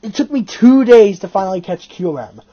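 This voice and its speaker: A video host tells stories in an excited rush, the pitch swinging widely up and down. The talk is casual and full of swearing. The recording sounds dull and lo-fi. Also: normal speed. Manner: animated, excitable storytelling with frequent swearing. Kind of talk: casual chat.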